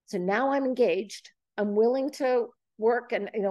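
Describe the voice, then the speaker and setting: Leading a casual group talk in a boxing gym, a woman in her seventies speaks a little slowly in a slightly high voice. She's an animated storyteller who acts out quoted lines; the sound is lo-fi, without echo.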